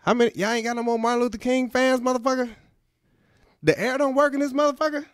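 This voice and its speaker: An irritable middle-aged film tough guy, as a man impersonates him for a radio comedy bit. Every line ends in an indignant, explosive curse. The voice sits high, strained and sharp, in a dry, close sound. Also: steady tone, fast, clean tone, dry recording. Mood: exasperated. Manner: indignant, explosive profanity-laced outbursts. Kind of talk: comedic impression on a radio podcast.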